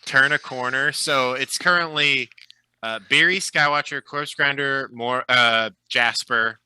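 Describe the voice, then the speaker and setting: A man narrating as game master in a relaxed, chatty way, with lots of fillers. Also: mid-range voice, measured pace, smooth, dry recording, rough recording.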